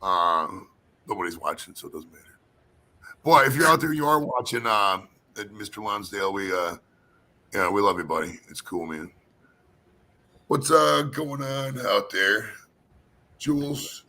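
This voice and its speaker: Hoarse bright-voiced man rambling casually. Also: fairly low pitch, expressive, measured pace, pauses often, low-quality recording. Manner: rambling, profane, laid-back. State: hoarse from talking all day. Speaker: panel show host. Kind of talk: casual live-stream chat.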